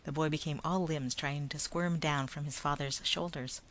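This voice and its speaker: A woman narrating a science fiction story in a steady, expressive reading voice. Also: deep voice, normal speed, few pauses. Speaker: audiobook narrator.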